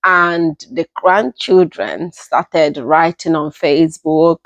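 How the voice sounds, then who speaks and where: A young woman with a Nigerian accent telling a personal story in an unhurried, casual way, often repeating herself as she goes. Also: low voice, no echo, dull audio. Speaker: storytelling vlogger.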